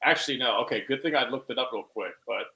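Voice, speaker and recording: A man's voice: mid-range voice, fast, gravelly, sharp tone, rough recording. Man thinking aloud in podcast chat. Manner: thinks aloud, second-guessing himself.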